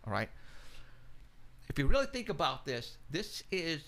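A radio show host telling an excited, casual story, acting out both sides of a phone call. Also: male voice, fairly high pitch, measured pace. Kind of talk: casual chat. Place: studio, live stream.

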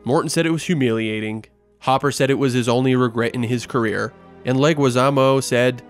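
A man's voice: medium pitch, a little fast, soft background music. Man narrating with dry wit. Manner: dry, wry delivery. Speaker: host. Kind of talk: scripted video-essay narration.

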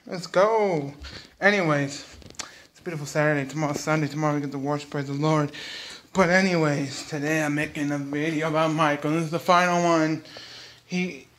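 A man's voice: fairly high pitch, fairly bright tone. A young man hosting his own vlog, ranting heatedly and repetitively straight at his viewers. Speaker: vlog host.

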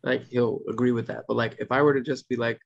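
A man in his thirties hosting a casual podcast. His voice is gravelly and he rambles with many restarts. He mimics his kids as he talks, and the recording sounds dull and lo-fi. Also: medium pitch, flat delivery, fast talker. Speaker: podcast host. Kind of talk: casual chat.

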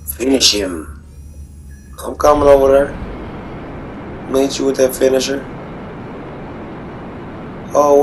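A man's voice: mid-range voice, darkish tone, poor audio. Cocky trash-talking man, street slang. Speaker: gamer trash-talking over voice chat. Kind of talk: casual trash talk while gaming.

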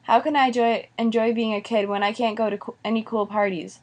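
A woman's voice: on the high side, fairly even intonation, brisk, lightly acted. A woman reading the part of a sarcastic teenage girl who whines at her mother. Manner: whiny, sarcastic.

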